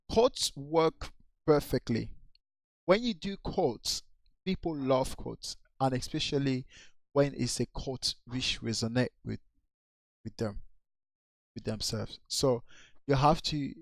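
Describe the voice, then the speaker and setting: A man slowly reviewing an account's social media posts, repeating his advice in a coaching way. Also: a little high, no room sound. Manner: slow, repetitive, coaching. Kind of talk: casual screen-share review.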